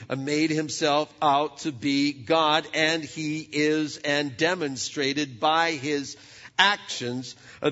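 A man preaching a sermon in a conversational way, often stumbling and repeating words, with lively asides. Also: medium pitch. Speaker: pastor. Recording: dull sound with long hall reverb.

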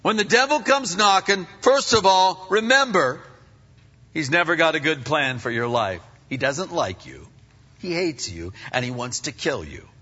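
A man's voice: high voice, pushed and bright. A man pastor preaching a sermon in punchy phrases, with rhetorical questions and emphatic repetition. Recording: dull recording with long hall reverb.

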